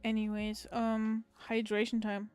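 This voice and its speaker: A woman's voice: fairly high pitch, monotone, a little slow, darkish tone, soft background music. A woman livestreamer in casual chat with her viewers, giggling often and swearing casually.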